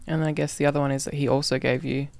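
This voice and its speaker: A woman co-hosting a podcast, calmly prompting her partner in casual chat with short affirmations. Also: sits low, very fast, gravelly. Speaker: podcast co-host.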